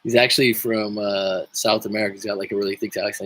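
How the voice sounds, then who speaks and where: A man's voice: lowish voice, level tone, fast, few pauses, fairly bright tone, no room sound, rough recording. A man coaching on a livestream in a casual, joking and profane way, rambling with frequent restarts while reading viewer comments. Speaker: life coach.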